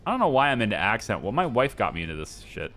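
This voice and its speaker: A man's voice: lowish voice, very animated, fast, a bit bright, faint music behind. A man giving casual gameplay commentary, rambling, indecisive and poking fun at himself as he decorates. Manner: rambling, indecisive, self-mocking. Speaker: gameplay streamer.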